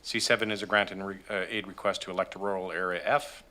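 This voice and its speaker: A Canadian man reads agenda items aloud in a council chamber. His voice is low and bright, and his steady, formal delivery carries the odd "uh". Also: quick pace. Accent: Canadian English. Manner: steady formal reading with occasional fillers. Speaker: staff member presenting agenda items. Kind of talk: reading motions at a public committee meeting.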